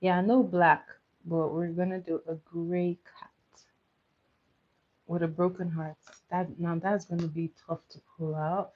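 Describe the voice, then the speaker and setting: A woman's voice: on the low side, flat delivery, measured pace, narrow, tinny audio. A woman chatting casually on a livestream while doing her makeup, reading viewer comments and running playful votes.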